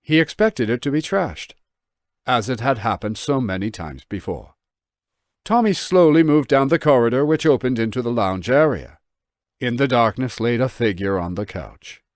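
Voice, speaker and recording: A man's voice: medium pitch, moderate pace, no echo, clean studio sound. A man narrating his own novel as an audiobook, telling the story expressively. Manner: expressive storytelling with voiced dialogue. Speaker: author and narrator.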